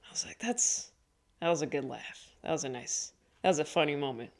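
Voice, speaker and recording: A woman's voice: sits low, moderate pace. A woman comedian talking casually to the camera, chatty and rambling, often correcting herself and laughing along the way. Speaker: stand-up comedian. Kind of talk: casual vlog monologue.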